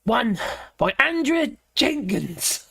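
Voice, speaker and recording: A hoarse woman with a British accent hosting a casual live political chat, laughing often and greeting viewers by name. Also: a little high, big pitch swings, slow pace, a bit bright. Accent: British English. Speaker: livestream host.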